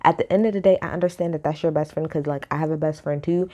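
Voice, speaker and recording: A woman's voice: low-pitched, steady tone, fast, mellow, lo-fi sound. A woman recapping a reality TV episode in a casual, opinionated way, blunt and swearing freely.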